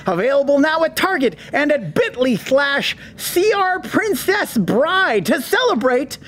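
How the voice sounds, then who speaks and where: A man's voice: very high voice, sing-song, a little slow, a bit bright, pitched above the performer's own voice, heavily acted. A man doing a comedic impression of a pompous, scheming Sicilian villain while reading a sponsor ad.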